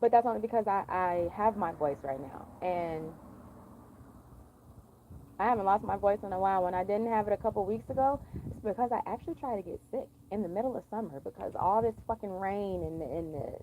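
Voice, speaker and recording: A woman's voice: mid-range voice, brisk, warm tone, slight background noise, low-quality recording. A young woman venting in a blunt, profane, sassy monologue for her vlog. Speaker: vlogger.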